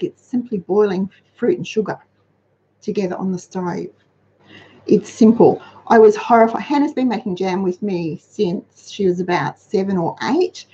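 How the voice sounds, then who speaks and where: A woman's voice: medium pitch, dark tone, highs cut off. A middle-aged woman hosting a casual live chat, practical and talkative as she answers viewers. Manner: chatty, practical, reads out viewer comments. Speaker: host of a money-saving livestream.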